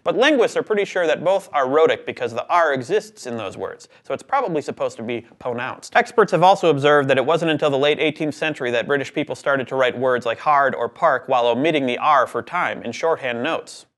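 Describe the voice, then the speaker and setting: A young man hosting an educational explainer, quick and playful with jokey asides. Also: medium pitch, lively intonation, a bit bright. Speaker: host.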